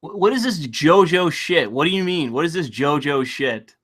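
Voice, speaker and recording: A man talks casually to his stream chat with a bright, forward voice. He rambles, swears freely and laughs along as he goes. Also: on the high side, lively intonation, moderate pace. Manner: rambling, profane, laughs often. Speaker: livestream host.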